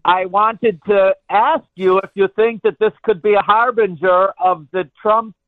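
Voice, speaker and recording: Male caller, high voice, deadpan satire, tinny phone line. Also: no room sound. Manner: deadpan satirical joking, halting with many fillers. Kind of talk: call-in talk radio.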